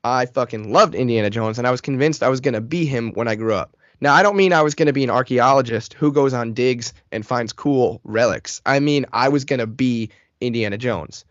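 A man in his thirties, a podcast co-host, telling an animated, profane, self-mocking story in casual chat. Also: mid-range voice, brisk, hardly any pauses, dry recording, lo-fi sound. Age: 30s.

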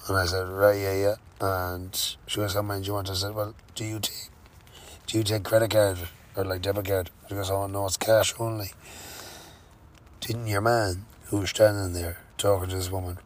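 An Irish man recounts his day on the bike in a loose, sweary, meandering way, with plenty of fillers and slang. His voice sits low and stays fairly flat. A faint hiss of noise runs underneath. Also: poor audio. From Ireland. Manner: rambling, sweary, lots of fillers. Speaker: touring cyclist vlogger. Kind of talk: casual storytelling.

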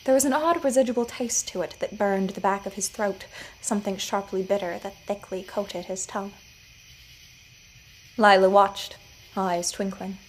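A woman narrating her own scripted audio fiction story in a measured storytelling manner. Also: medium pitch, a little hiss or hum, poor audio. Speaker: writer and narrator.

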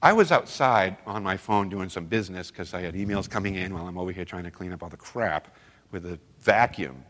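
A man's voice: deep voice, expressive, a little fast, a bit bright. A middle-aged man, a former youth pastor, tells heartfelt stories at a men's seminar and acts out other people's lines. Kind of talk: storytelling sermon. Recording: long reverb of a large hall.

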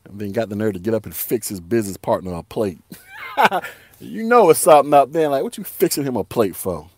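A man hosts a solo podcast, ranting casually in heavy slang, laughing often and repeating himself. His mid-range voice is expressive and fairly quick, with no echo.

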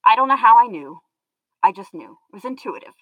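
A woman's voice: fairly high pitch, animated, a little fast, dry recording. A woman guest in a conversational interview, earnest and explanatory, often looping back mid-thought. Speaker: guest sharing her story. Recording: dull lo-fi sound.

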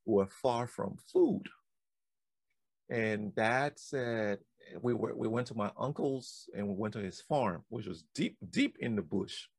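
A man hosting a podcast, telling a childhood story in a rambling way with quick laughs. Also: on the low side, gravelly, breathy edge, dry recording. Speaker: podcast host. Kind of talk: casual conversation.

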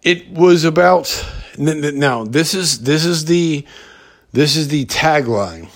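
A man talks slowly through a rambling, profane podcast rant. His voice has a gravelly, fry-laden edge, and he keeps stopping and restarting his sentences. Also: a little high, lively intonation. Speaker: podcast host. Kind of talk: casual ranting monologue.

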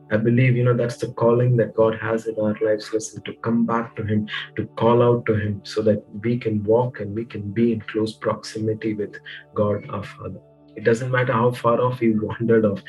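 A man's voice: lowish voice, a little mellow, breathy edge, rough recording. A man pastor preaching and then praying aloud, earnest, repeating "Lord, Father" between phrases. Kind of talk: sermon and spoken prayer.

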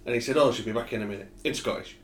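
A man's voice: medium pitch, rapid-fire. A man tells stories in a casual chat. He swears freely and laughs often. His voice sits mid-range and sounds echoey, as if recorded in a bare room.

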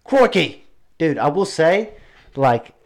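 A man co-hosting a casual podcast. He rambles and jokes, and his talk is sprinkled with profanity. His voice sits in an ordinary middle pitch for a man. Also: animated, moderate pace, darkish tone. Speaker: podcast co-host.

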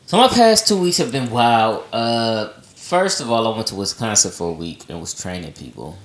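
A man co-hosting a podcast, telling family stories in animated casual chat with low asides. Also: moderate pace, reverberant. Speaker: podcast co-host.

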